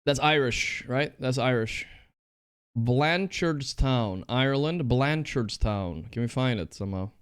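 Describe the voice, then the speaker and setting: A man streaming a geography guessing game, thinking out loud, excitable and trash-talking his opponent. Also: mid-range voice, a little fast, hardly any pauses, smooth. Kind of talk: casual live-stream commentary while playing.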